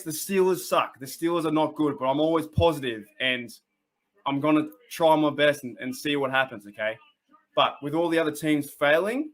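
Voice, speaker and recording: An Australian man chatting away on a live stream, his voice sitting a touch higher than most men's. He rambles and restarts often, breaking into laughs as he tries to keep up with the chat, all in a loose, excitable way. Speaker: host of a fan livestream.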